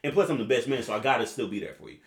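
A man in his twenties, a podcast host, telling a long story in a rambling, profane, animated way. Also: mid-range voice, very fast. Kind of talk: casual storytelling chat. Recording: roomy echo.

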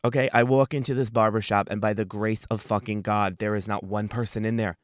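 A man's voice: lowish voice, steady tone, brisk, hardly any pauses, no room sound, studio quality. A man hosting a podcast, telling a comedic story in a profane, emphatic and dramatic way. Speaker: podcast host.

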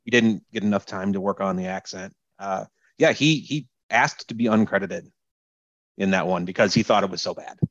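A man with a fairly low voice co-hosts a casual chat, relaxed and plain-spoken as he lays out his points. The recording sounds slightly dull and muffled, and it is dry with no room echo. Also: moderate pace. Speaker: podcast co-host. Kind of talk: casual chat about movies.

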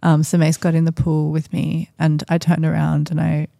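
A woman's voice: low-pitched, monotone, normal speed, creaky, dark tone, no echo, clean studio sound. A woman, a podcast guest, telling a personal story in a chatty, rambling way with lots of fillers. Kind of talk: casual storytelling.

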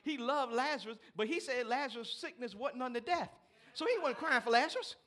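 A male pastor a sermon, reading scripture and breaking into lively asides to the congregation. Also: extremely high pitch, fairly quick. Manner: animated preaching with asides to the congregation.

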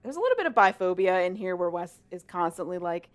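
A woman's voice: on the low side, fast. A young adult woman, a married podcast co-host, retelling a story in casual chat and acting out the characters' lines. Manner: animated, acts out characters' lines with swearing and laughter.

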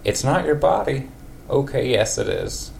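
A man voicing a fretful woman, putting on a high, old-lady voice that sounds anxious and pleading. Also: lively intonation, a little slow, vocal fry, darkish tone, slight background noise.

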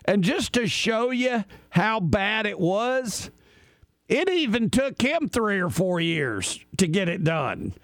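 A man's voice: sits high, big pitch swings, slow, fairly bright tone, dry recording. A man hosting a sports talk radio show, chatting with an opinionated, storytelling manner. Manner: opinionated storyteller, folksy asides.

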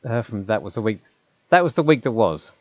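A man in a relaxed podcast chat. His voice sits fairly low and he muses aloud, often breaking off mid-sentence. The sound is close and dry but a little dull. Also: brisk, no room sound. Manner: musing, self-interrupting, laughs often. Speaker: podcast co-host. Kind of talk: casual chat.

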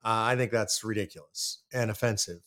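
A man's voice: on the low side, a little fast, fairly bright tone. A man from the United States hosting a political commentary monologue, talking earnestly and directly and repeating his points for emphasis. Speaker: show host.

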